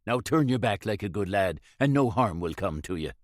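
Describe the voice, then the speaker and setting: A man's voice: on the low side, animated, normal speed, dry recording, studio quality, close to an everyday voice. A man voicing a bold masked rider who speaks lightly and commandingly in a put-on Irish accent.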